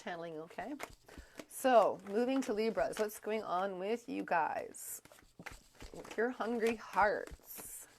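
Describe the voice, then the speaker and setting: A woman reading tarot on a live stream in an even, middle-pitched voice. She rambles and stops herself often, padding with fillers. Her throat is strained and she coughs now and then. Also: slight background noise. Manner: rambling, halting, many fillers and restarts. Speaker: tarot reader.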